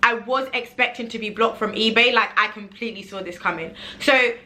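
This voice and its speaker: Young woman, casual vlog storytelling, bright voice, animated, acts out quotes. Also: on the high side, a little fast. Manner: animated, acts out her own quoted pleas, says like a lot. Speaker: online seller and vlogger.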